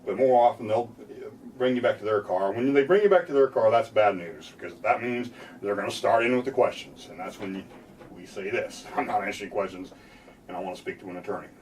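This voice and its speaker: A man's voice: lowish voice, fairly quick, a little mellow, distant mic, slight background noise, poor audio. A man, a lawyer from the United States, explaining legal rights to viewers in a plain-spoken way, sometimes acting out police questions. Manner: plain-spoken, acts out police lines with a laugh.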